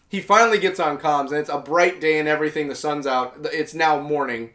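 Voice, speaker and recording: A man's voice: a little high, fairly quick, hardly any pauses, bright, forceful tone. A man hosting a casual comic review, rambling through the story with lots of filler and quoted lines. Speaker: host.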